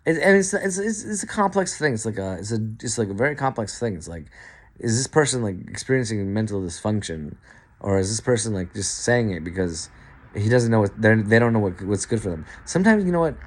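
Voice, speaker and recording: Guy rambling to his camera, swears a lot, keeps restarting sentences, goes from mumbling to suddenly loud. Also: fairly low pitch, expressive, brisk. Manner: profane, stream-of-consciousness, many restarts and stumbles; swings between quiet asides and emphatic outbursts.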